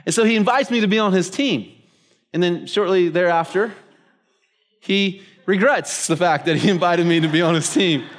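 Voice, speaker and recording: A man's voice: high-pitched, moderate pace. A man preaching a sermon, telling a story casually with plenty of fillers like "like" and "you know". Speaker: pastor.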